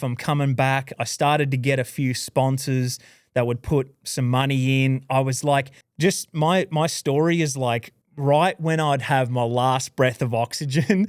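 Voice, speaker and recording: A man with an Australian accent recounting his journey as a podcast guest, casual and animated, leaning on "dude" and "like" as he goes. His voice is smooth and resonant, recorded close and dry with no room sound. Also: mid-range voice, no echo. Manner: lively, rambling storyteller, says "dude" and "like" a lot. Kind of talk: casual storytelling interview.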